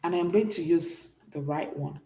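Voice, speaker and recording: A woman's voice: on the low side, moderate pace, mellow, reverberant. A woman teaching a beginners' French class, explaining step by step and often checking that her students follow. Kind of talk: classroom lesson.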